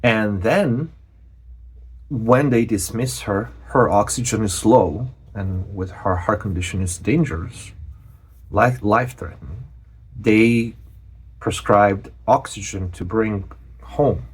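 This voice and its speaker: A man from Europe, a channel host giving a personal update, speaking earnestly with many pauses and restarts. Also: on the low side, breathy edge.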